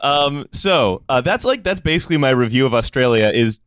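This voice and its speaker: Animated male podcast host, rambling. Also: mid-range voice, a little fast, dry recording, studio quality. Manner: rambling, filler-heavy, laughing. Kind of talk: live comedy podcast hosting.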